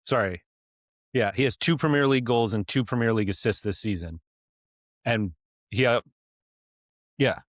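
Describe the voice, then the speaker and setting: A man's voice: mid-range voice, moderate pace, long pauses, no room sound, studio quality. A man co-hosting a podcast, chatting casually about football, saying "like" often and laughing easily. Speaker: podcast co-host.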